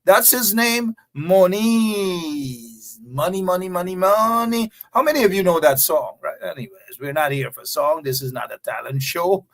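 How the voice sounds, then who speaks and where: High-voiced Guyanese talk show host. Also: male voice, animated, normal speed, creaky, few pauses, fairly bright tone, slightly rough. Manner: sarcastic, joking, chatty with viewers. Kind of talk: live talk show monologue.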